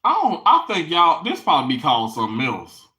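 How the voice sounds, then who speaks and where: A woman from Mississippi with a Southern accent chats live with her viewers in an animated, exclamatory way. Her voice is bright and tense. Her pitch swings widely from low asides to high outbursts. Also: fairly quick, rough recording. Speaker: livestream host chatting with viewers. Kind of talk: casual live chat.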